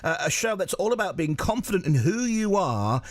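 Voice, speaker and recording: Radio host guy in the studio, chatty, trips over his words, voice jumps up and down a lot, sits a bit high. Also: sing-song, a little fast. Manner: chatty, stumbling restarts and repeated words. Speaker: radio presenter. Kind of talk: live radio interview. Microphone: studio microphone.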